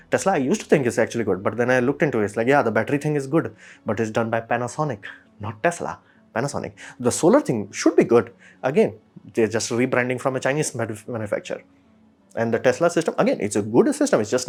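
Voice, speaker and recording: A man from India giving a blunt, exasperated opinion monologue, often mimicking other people in quick asides. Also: medium pitch, a little mellow. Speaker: commentator.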